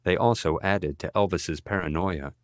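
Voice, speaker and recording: A man narrating an audiobook in an even, measured reading style. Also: sits low, dry recording, clean studio sound. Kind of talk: scripted narration.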